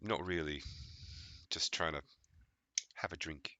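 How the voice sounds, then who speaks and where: A man's voice: rumbling low, slow pace, sharp tone, no echo, full character voice. A man voicing a weary, crude male sailor who talks bluntly and swears. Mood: gruff. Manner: blunt, profane.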